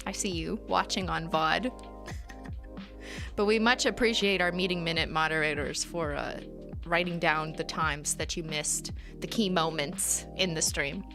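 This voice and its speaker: A woman's voice: on the low side, fairly even intonation, measured pace, music in the background. A woman hosting a casual livestream, reading out chat messages with playful, giggly, mock-corporate banter.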